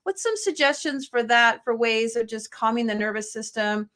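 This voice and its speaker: A woman's voice: a little high, expressive, moderate pace, fairly bright tone. A woman hosting a conversational interview, affirming and enthusiastic. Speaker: interview host.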